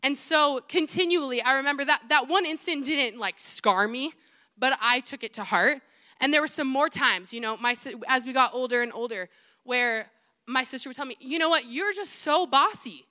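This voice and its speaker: A young adult woman, an assistant youth pastor, preaching a sermon in a chatty, animated way full of personal stories and self-mocking asides. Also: sits high, moderate pace.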